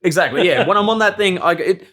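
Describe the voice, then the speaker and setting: A young circus performer, guesting on a podcast, tells stories in casual chat, swearing freely, laughing often and acting out what people said. His voice sits high and is expressive, quick and a bit bright.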